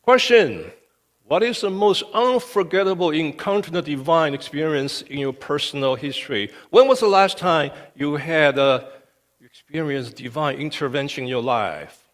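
A man's voice: on the high side, moderate pace. A male pastor preaching a sermon with emphasis, often checking in with "okay". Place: church sanctuary. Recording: long reverb of a church hall.

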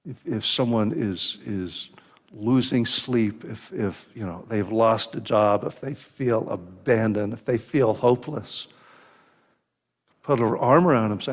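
A man preaching a sermon as pastor, earnest and unhurried, often restarting his phrases. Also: fairly low pitch, long reverb tail.

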